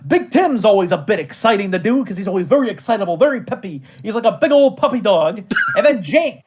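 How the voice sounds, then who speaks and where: The creator and voice of an animated show chats casually in an interview, rambling, laughing often, and poking fun at himself. He talks fast in a high-pitched voice, and there's background noise.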